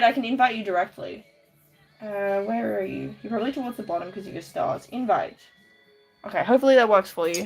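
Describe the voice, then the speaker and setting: A woman's voice: medium pitch, a bit bright. A woman from Australia with an Australian accent, live-streaming from her room and chatting casually with her viewers, laughing lightly as she answers. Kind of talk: casual live-stream chat while drawing.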